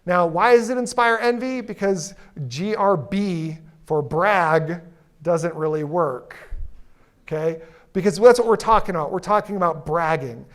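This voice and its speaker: A man giving a live keynote talk on stage, energetic and playful, teasing and drawing responses from his audience. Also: high voice. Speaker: keynote speaker. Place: conference stage before an audience.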